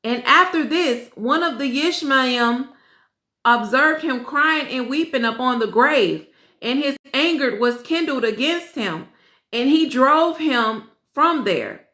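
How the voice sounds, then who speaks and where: A high-pitched, expressive woman with a sharp edge reads scripture in an echoey room. As host, she mixes earnest, emotional reading with pauses for personal commentary aimed at her audience.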